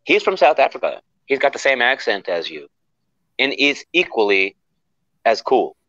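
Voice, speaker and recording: A man's voice: medium pitch, normal speed, no room sound. A man hosting a casual voice chat, joking and quizzing the other callers. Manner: joking, lively questioner. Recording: dull, dry mic sound.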